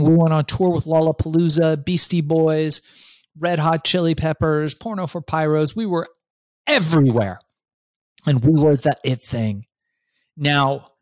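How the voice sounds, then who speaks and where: A middle-aged man speaks as a guest, spinning an animated story in quick bursts and voicing his own past thoughts aloud. His voice sits a little high for a man. The sound is close and dry, with no room around it. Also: dry recording. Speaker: guest entrepreneur.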